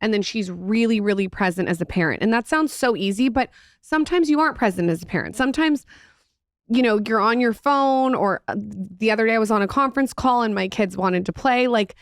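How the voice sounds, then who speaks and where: A woman's voice: a little high, animated, fairly quick, dry recording, clean studio sound. A woman hosting a podcast, chatting sympathetically with her guest and passing on advice from past guests. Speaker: podcast host. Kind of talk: podcast interview chat.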